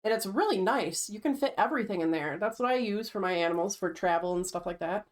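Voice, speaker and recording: A woman's voice: mid-range voice, expressive, fast talker. A woman chatting casually with a friend on a stream, telling stories in a matter-of-fact way. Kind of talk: casual chat.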